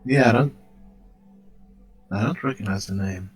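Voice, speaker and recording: Dry-joking man with a lowish voice. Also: a little slow, music in the background. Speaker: co-player guest. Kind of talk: casual chat over a game.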